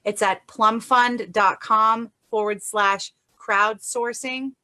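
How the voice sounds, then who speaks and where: A woman's voice: fairly high pitch, steady tone, slow, sharp tone. A woman as a guest on a radio talk show, speaking casually and laughing easily. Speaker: guest, documentary maker.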